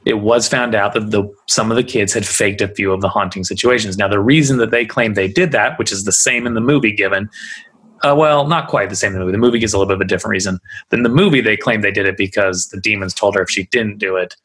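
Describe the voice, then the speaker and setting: A man with a low, husky voice hosts a podcast in a relaxed, rambling way. His delivery is loose and full of fillers. He talks at a studio mic. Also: quick pace. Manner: chatty, loose, lots of fillers. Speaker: podcast host. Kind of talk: casual chat.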